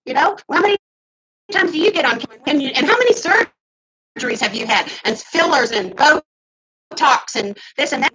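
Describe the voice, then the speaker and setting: A woman in her fifties venting heatedly to her camera, swinging between loud outbursts and muttered asides. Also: high-pitched, expressive, normal speed, poor audio. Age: 50s. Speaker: vlogger. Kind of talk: casual ranting to camera.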